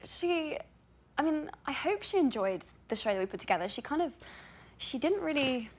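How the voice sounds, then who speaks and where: A woman's voice: sits high, big pitch swings, moderate pace, a little hiss or hum. A young adult woman with an English accent, chatting as an actress guest on a talk show, giggly and self-deprecating.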